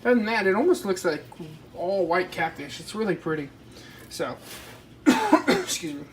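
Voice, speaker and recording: This fishing vlogger's high voice swoops wildly in pitch as he chats at a moderate pace, addressing viewers directly in a loose, rambling way. He's cooking in his parents' kitchen for a casual vlog, the audio is poor, and household sounds murmur faintly behind him.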